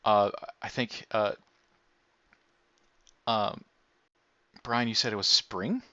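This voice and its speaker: A man's voice: lowish voice, fairly even intonation, takes it slowly, sharp tone, smooth, no room sound. A man playing in a tabletop game, explaining his ideas hesitantly and restarting his sentences. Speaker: player. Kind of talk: post-session chat. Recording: slightly dull lo-fi mic.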